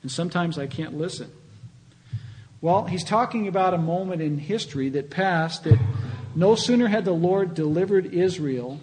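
A man's voice: high voice, normal speed, a little mellow, rough recording. A man preaching a sermon as pastor, earnest and conversational, rising in emphasis on key points.

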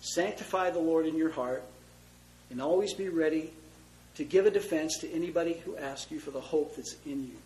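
A man preaching a conversational sermon, moving between loud emphasis and hushed, tender asides. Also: fairly high pitch, moderate pace, rough recording. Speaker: pastor.

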